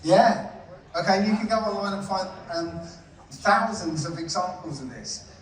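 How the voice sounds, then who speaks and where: Speaking at a measured pace in a high voice, a male presenter gives a chatty live talk in a conference hall, regularly checking in with listeners through "yeah?" and "right?". The recording sounds far off and echoes through the hall.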